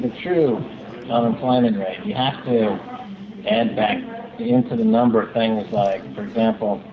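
A man calling in as a guest commentator, explaining economics in a steady, explanatory way over a call line. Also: medium pitch, lo-fi sound.

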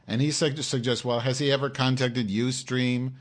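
A man's voice: mid-range voice, fairly even intonation, normal speed, few pauses. A man hosting his own live-stream show, in an angry, profane rant aimed straight at his audience.

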